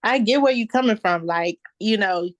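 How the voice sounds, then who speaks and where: A woman in her twenties, an author guest, speaking softly and earnestly in a casual interview. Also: mid-range voice, normal speed, dry recording, lo-fi sound. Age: 20s. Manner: soft-spoken, earnest and reflective.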